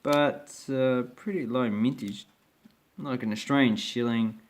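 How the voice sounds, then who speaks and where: A man's voice: medium pitch, measured pace. A man talking casually through his collection on his own channel, rambling and hesitant with many restarts. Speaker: coin collector vlogger. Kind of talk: casual show-and-tell commentary.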